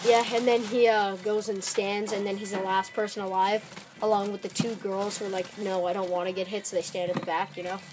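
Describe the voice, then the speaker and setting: A woman's voice: mid-range voice, level tone, brisk, noisy background. A young woman rambling through silly made-up stories in goofy chat with friends.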